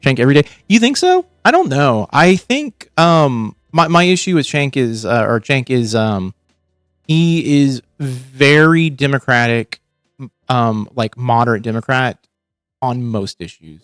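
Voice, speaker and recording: A man rambles through his reactions as a livestream host, swearing freely and restarting his sentences. His voice sits at a middling pitch and sounds close and dry, with faint music playing underneath. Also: sing-song, measured pace, fairly bright tone, no echo. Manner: rambling, profane, restarts often. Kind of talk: casual reaction commentary.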